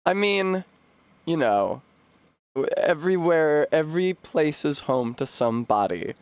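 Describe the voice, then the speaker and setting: A young American man chats on a live stream, rambling with a wry edge and frequently swearing and laughing. His fairly high voice has a sing-song lilt, unhurried and smooth, with no room sound.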